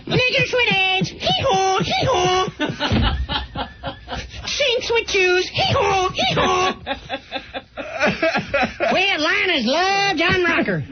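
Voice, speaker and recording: A crude, whooping redneck male fan who shrieks in a very high falsetto and drags his words out slowly. It comes through a muffled radio broadcast with heavy noise behind it. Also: lively intonation, heavily acted. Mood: shrieking. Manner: shrieking, drawn-out mocking falsetto. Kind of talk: radio talk show bit.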